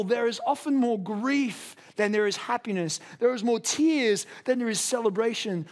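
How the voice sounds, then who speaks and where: A man preaching a sermon in an earnest, conversational way, raising his voice to a shout for emphasis. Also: extremely high pitch, gravelly. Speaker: pastor.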